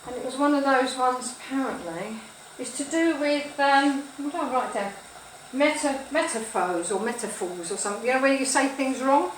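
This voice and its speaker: A woman's voice: sits high, normal speed, a little hiss or hum. A woman in her sixties, chatting and rambling through funny stories while cooking, mixing up her sayings as she goes. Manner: gossipy, rambling, mixes up sayings. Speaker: cooking vlogger. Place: home kitchen, food sizzling. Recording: echoey kitchen with loud frying.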